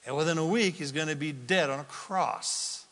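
A man preaching a sermon with a dramatic, teacherly manner, asking the listeners questions and answering them himself, swinging between loud cries and near-whispers. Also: fairly high pitch, normal speed. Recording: long reverb of a large hall.

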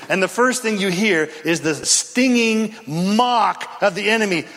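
A man preaching a dramatic, impassioned sermon, shouting at peaks, in a reverberant hall. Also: high-pitched, lively intonation, unhurried. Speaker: pastor.

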